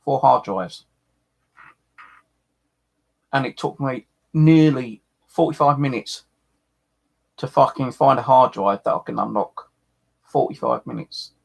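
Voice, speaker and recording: A man's voice: mid-range voice, takes it slowly, gravelly, long pauses, slightly rough. A man in an angry, sweary live-stream rant, repeating himself as he vents.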